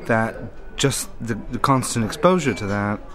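A man's voice: on the low side, animated, unhurried, crowd noise. A man presenting in formal scripted narration, also asking interview questions.

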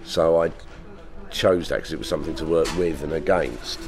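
A man's voice: extremely low pitch, moderate pace, music in the background. A man with a South London accent, a comedian talking casually in an interview, rambling with restarts. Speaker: comedian guest. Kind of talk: conversational interview.

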